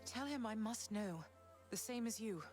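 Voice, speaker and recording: A woman voicing a gentle, sorrowful goddess mother in a video game, speaking tenderly to her son. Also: fairly high pitch, lively intonation, moderate pace, faint music behind, lightly acted. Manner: tender, wistful.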